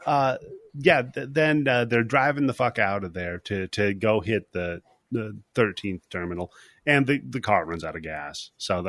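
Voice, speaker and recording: A man's voice: lowish voice, fairly bright tone, no echo. A man hosting a casual podcast, rambling and swearing as he recaps a movie scene by scene and acts out the lines. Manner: rambling, profane, acts out scenes in quick voices. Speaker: podcast host.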